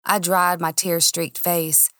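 A woman narrates a mystery serial in a cozy, expressive first-person reading. Her voice sits on the low side and is recorded dry and close. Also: takes it slowly, no echo. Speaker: storyteller. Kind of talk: audiobook narration.

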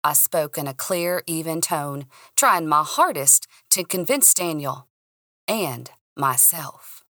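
A young adult woman narrating a mystery story podcast in the first person, expressive and lively. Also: deep voice, slow pace, dry recording, studio quality.

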